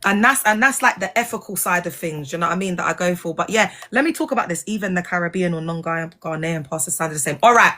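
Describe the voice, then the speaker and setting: A woman's voice: fairly low pitch, fast, hardly any pauses, sharp tone. A woman hosting a casual livestream, talking animatedly and in slang straight to her viewers. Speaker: livestream host, former church member.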